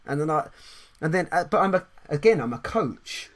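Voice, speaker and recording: A man hosts a casual podcast chat, his voice sitting a little high for a man. He talks animatedly, tripping into restarts and repeated words and laughing often. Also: animated, normal speed. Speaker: podcast host and coach.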